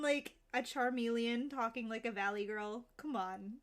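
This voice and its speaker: A woman's voice: a little high, moderate pace, few pauses. A woman streamer chatting casually while she draws, giggling often between remarks. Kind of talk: casual chat while drawing.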